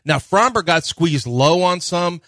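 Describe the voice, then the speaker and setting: A man's voice: lively intonation, unhurried, a bit bright, dry recording. Analytical man talking baseball. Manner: analytical, breaks down pitching in detail. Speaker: sports radio co-host. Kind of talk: casual sports talk.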